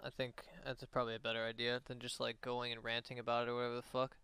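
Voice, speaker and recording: A man's voice: mid-range voice, monotone, fast, sharp tone, clean tone, no echo. A young man on a casual livestream, talking in a rambling, profane way with lots of fillers.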